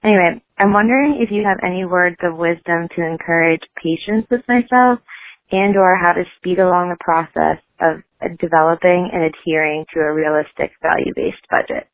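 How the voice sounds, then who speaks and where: Earnest female caller, lowish voice, on a tinny phone line. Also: moderate pace, dry recording. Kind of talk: asking a question.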